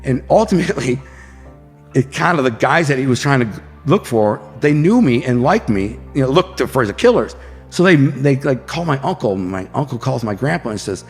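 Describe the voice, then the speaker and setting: A man's voice: mid-range voice, very animated, normal speed, long reverb tail, faint music behind. A man from Detroit, a podcast guest, telling blunt, profane street stories in a casual interview and acting out what people said. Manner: blunt, profane street storyteller who acts out quotes.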